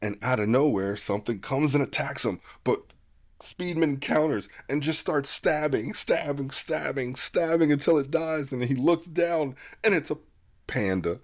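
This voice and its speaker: A man casually recapping a movie plot as podcast co-host, animated and swearing now and then. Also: mid-range voice, measured pace. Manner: animated storytelling, laughs often, swears.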